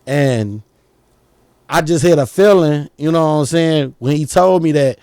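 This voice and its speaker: Man, rambling guest story, gravelly, dry close sound. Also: fairly high pitch, unhurried, a little mellow, no room sound. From Chicago. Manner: rambling, keeps saying "you know what I'm saying". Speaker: rapper guest. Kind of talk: casual storytelling interview. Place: studio.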